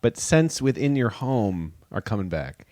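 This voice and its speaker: A man's voice: lowish voice, measured pace, no room sound. A man co-hosting a podcast, riffing and joking in casual chat at a studio mic. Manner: jokey, animated, riffing. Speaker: podcast co-host.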